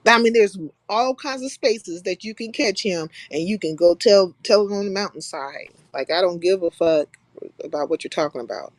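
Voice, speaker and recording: A woman's voice: mid-range voice, a little slow, dry recording. A young woman from California hosting a live stream in blunt, profane, casual chat, laughing often. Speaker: livestream host.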